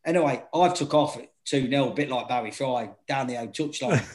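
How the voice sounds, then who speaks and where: A man's voice: medium pitch, brisk, rough recording. Sweary man telling football stories. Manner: swearing, animated, acts out quotes. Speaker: former non-league football manager. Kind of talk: casual storytelling chat.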